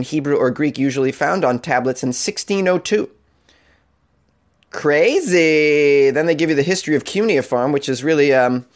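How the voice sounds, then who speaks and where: A man with a fairly high voice hosts a comedy news show. He reads odd stories aloud, then breaks off into jokes and laughter. His delivery is casual and playful throughout. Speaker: comedy news podcast host.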